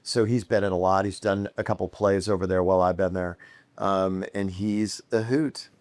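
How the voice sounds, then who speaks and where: Lower-voiced man telling stories. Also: normal speed, dry recording. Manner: animated anecdotes, mimics celebrities in a raised voice. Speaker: restaurateur and author, guest. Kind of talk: casual storytelling. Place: restaurant.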